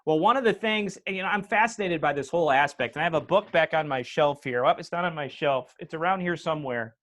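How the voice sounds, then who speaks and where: A man's voice: a little high, quick pace, a bit bright. Chatty man with upstate New York accent. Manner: chatty, tells stories and explains history. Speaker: podcast host and teacher. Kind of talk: casual chat. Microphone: lapel mic on a video call.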